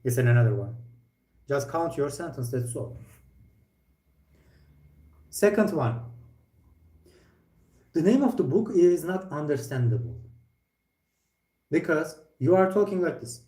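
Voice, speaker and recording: Esl teacher guy correcting a student, higher voice but mellow, echoey classroom. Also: very animated. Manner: direct, corrective, with frequent pauses and playful asides. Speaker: IELTS speaking teacher. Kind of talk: live speaking lesson feedback. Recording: echoey room.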